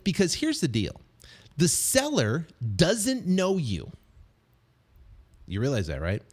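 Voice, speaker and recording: A middle-aged man gives a casual motivational talk about dealing with sellers. His pitch climbs and falls a lot as he gets worked up. He restarts sentences, leans on fillers and now and then jumps into quick acted lines of other people. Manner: animated, repetitive, many fillers and restarts; acts out quick snippets of other voices. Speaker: real estate investing coach.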